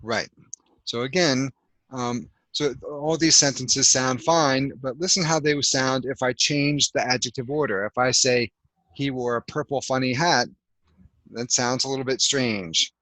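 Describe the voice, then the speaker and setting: A man's voice: mid-range voice, unhurried, sharp tone, dry recording, poor audio. A man teaching an English grammar lesson over a video call, explaining patiently step by step with lots of fillers. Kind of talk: online language lesson.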